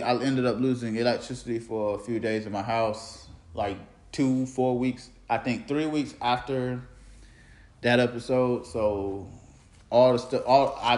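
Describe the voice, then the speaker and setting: A man hosting his own podcast, telling a loose, rambling story full of slang and restarts. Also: mid-range voice. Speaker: podcast host. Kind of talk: rambling casual monologue. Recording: roomy echoey room.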